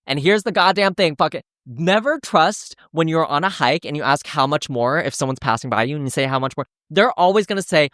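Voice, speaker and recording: Podcast host, casual storytelling, animated, acts out quotes, swears a lot, mid pitch, dry close mic. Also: fairly quick, few pauses, dry recording.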